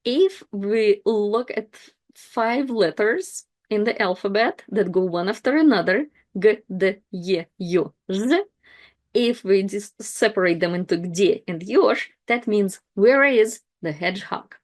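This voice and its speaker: Woman w/ teaching letters n words, says each one twice, super slow n careful. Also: mid-range voice, animated. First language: Russian. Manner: repeats each word twice, slow and deliberate. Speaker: language teacher. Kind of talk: slow, clear pronunciation lesson.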